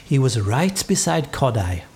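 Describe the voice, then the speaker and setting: A woman reading a children's story aloud with expressive delivery. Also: very deep voice, a little slow, slight background noise.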